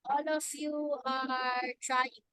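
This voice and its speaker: Woman teacher: high bright voice, slow and halting delivery, dry close sound. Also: level tone, clean tone, dry recording, poor audio. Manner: halting, with many fillers and restarts. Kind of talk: classroom grammar lesson.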